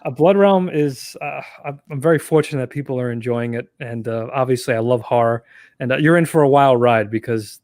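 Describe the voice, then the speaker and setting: A man's voice: medium pitch, a little fast, darkish tone, no room sound, clean studio sound. Easygoing chuckling man guest. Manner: easygoing, chuckling, filler-heavy. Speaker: guest writer. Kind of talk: casual interview chat.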